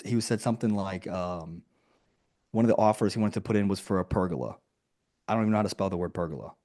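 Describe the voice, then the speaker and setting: A man running a marketing coaching session on a group video call, talking emphatically, firing off rhetorical questions and acting out quoted lines in sudden higher voices. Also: a little mellow.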